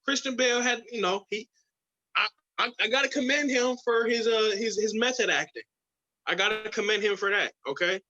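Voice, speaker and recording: A man co-hosting a podcast, talking in an animated, opinionated way and stumbling over his words as he argues. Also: high voice, moderate pace, dull audio. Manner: animated, opinionated, mocks voices with gravelly whispers. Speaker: podcast co-host. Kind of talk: casual chat.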